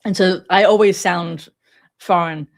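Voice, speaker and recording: A woman from England with a Sheffield accent softened by years in America, talking animatedly as an interview guest and often laughing. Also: fairly low pitch, unhurried. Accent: Sheffield English with a slight American twist. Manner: animated, laughs often, puts on voices to quote others. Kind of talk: conversational interview.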